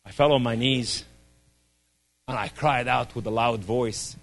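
A man giving an impassioned testimony sermon, swinging between loud cries and hushed, low speech. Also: steady tone, a little slow, gravelly, pauses often, soft background music.

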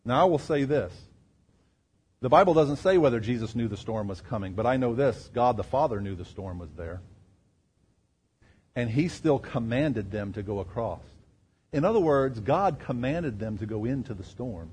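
Husky-voiced preacher man, emphatic and dynamic. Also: expressive, normal speed. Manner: asks the crowd rhetorical questions; swings between loud emphasis and quiet lows. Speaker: pastor. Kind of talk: sermon.

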